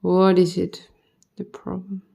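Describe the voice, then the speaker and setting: A woman's voice: lowish voice, monotone, slow, vocal fry, warm tone, husky. A tired woman vlogger talking to herself as she builds a model kit, muttering the same questions over and over. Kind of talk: casual talk while building.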